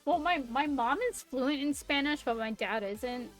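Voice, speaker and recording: A woman's voice: high voice, moderate pace, faint music behind. A bubbly young woman with a Californian accent, hosting a casual livestream interview and giggling often. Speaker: VTuber host, interviewer.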